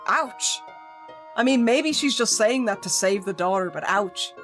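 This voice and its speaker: A woman's voice: medium pitch, moderate pace. A woman streamer reads a spooky visual novel aloud, giving the narration plenty of expression and breaking in with joking comments. Game music plays steadily beneath her voice. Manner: expressive reading, joking asides.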